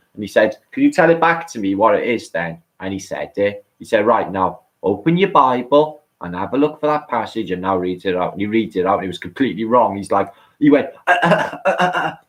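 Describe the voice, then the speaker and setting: A man with a British accent, co-hosting an online chat show, talking in an excitable, rambling way and swearing often. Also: fairly low pitch. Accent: British English. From England. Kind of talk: rambling casual chat on a livestream.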